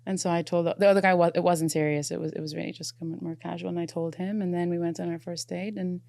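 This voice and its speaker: A young Irish woman chatting as a podcast guest, an animated storyteller who laughs often. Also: on the low side, fast talker, creaky, no room sound. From Ireland. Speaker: podcast guest, app founder. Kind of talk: casual chat.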